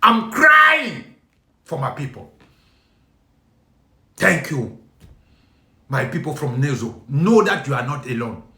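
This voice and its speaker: A man's voice: medium pitch, lively intonation, measured pace, long pauses. A man with a Cameroonian accent, a native French speaker speaking English, making an impassioned appeal to his compatriots, pleading and emphatic, repeating himself. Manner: emphatic and pleading, repeating lines, bursts of shouting. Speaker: video speaker addressing compatriots. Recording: echoey room.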